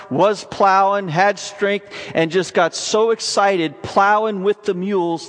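A man preaching a sermon, emphatic and energetic, with sudden bursts of excitement. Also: sits high. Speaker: pastor. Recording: long reverb of a large hall.

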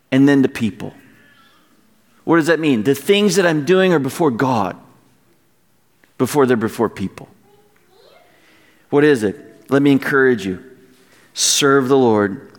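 A man preaching as pastor, passionate and at times near yelling, quoting scripture and urging his congregation. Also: mid-range voice, lively intonation, slow, long pauses, big-room sound. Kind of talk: sermon.

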